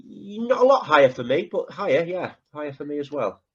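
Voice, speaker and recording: Chatty man with a husky voice. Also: on the high side, big pitch swings, a little fast, muffled recording. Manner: chatty, leans on tag questions, retells scenes. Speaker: podcast co-host. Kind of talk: casual chat.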